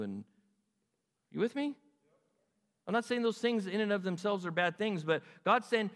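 A man preaching a sermon in an animated way, acting out God's words and asking his listeners questions. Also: high voice, moderate pace, long pauses, in a large hall. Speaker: pastor.

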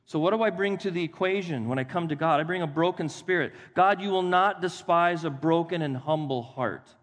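Animated male pastor preaching in a hall. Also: on the high side, fairly quick. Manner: animated, acts out voices of Bible figures. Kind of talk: sermon. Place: church sanctuary. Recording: long hall reverb.

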